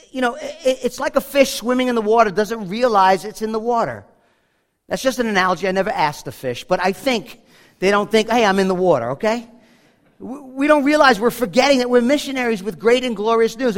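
A man's voice: very high voice, a bit bright. A man preaching a sermon as pastor, in an earnest, conversational way with frequent restarts. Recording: long hall reverb.

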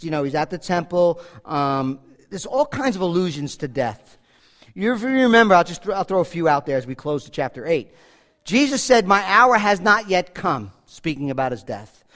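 A pastor preaching a sermon, emphatic, often dropping to a hush and asking the congregation direct questions. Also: male voice, sits high. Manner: emphatic preaching, swings from loud to hushed.

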